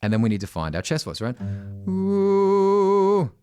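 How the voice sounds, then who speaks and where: A middle-aged Australian man teaching singing, talking directly and often asking "right?", breaking into loud high sung demonstrations. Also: rapid-fire, faint music behind.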